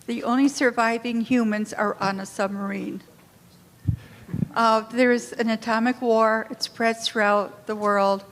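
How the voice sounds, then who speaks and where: A woman's voice: on the high side, steady tone, a little slow, a little hiss or hum. A woman in the audience asking a question, hesitant and with fillers. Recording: long hall reverb.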